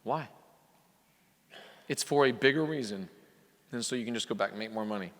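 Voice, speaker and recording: A man gives an impassioned motivational speech to a room of business owners at a conference. His voice is bright and forceful, and it swells into emphatic peaks as he drives each point home. The sound carries the long reverb of a large hall. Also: on the low side, fast. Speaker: coach speaking to repair shop owners. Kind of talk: motivational speech to a live audience. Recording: hall reverb from a live venue.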